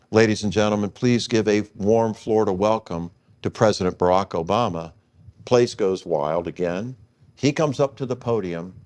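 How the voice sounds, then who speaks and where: A man's voice: lowish voice, clean tone. A man in his sixties telling a long personal story in an interview, acting out the dialogue he quotes. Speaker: guest.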